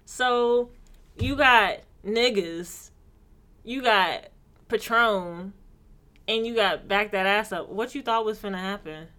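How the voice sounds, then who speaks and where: A woman's voice: medium pitch, takes it slowly, pushed and bright. A young woman co-hosting a casual podcast chat, blunt and sardonic, swearing freely. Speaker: podcast co-host.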